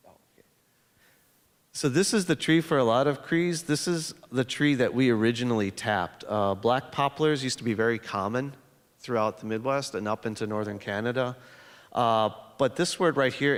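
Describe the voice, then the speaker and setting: A man on a panel, an educator presenting with slides and telling a story in a conversational way, with frequent fillers and restarts. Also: mid-range voice. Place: lecture hall. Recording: long reverb of a hall.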